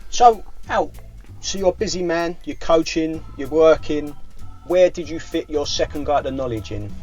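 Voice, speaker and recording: A man's voice: on the high side, moderate pace, a little mellow, soft background music. A man hosting a casual interview who asks chatty, prompting questions. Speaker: podcast host.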